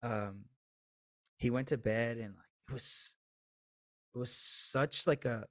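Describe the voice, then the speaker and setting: Man in his thirties, open-hearted guest, swears, goes big then drops real quiet, dry mic. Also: mid-range voice, slow, dry recording. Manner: animated storyteller who swings between loud and hushed, swears freely. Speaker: podcast guest. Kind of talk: candid storytelling interview.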